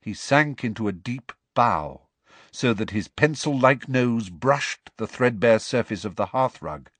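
A man narrates a storybook with lively, varied intonation. His mid-pitched voice sits close and dry, with no room sound. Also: unhurried, no room sound. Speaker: audiobook narrator. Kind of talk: scripted narration.

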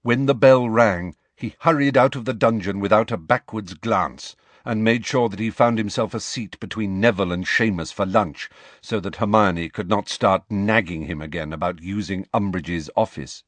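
A man reading a novel aloud as an expressive audiobook narrator. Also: moderate pace, dry recording. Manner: expressive storytelling with wide pitch swings. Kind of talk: scripted narration.

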